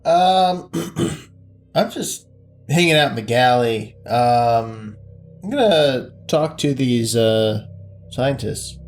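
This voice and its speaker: Middle-pitched male player, relaxed halting in-character banter, quiet music behind. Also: gravelly. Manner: casual, hesitant, playful in character. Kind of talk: casual tabletop role-play.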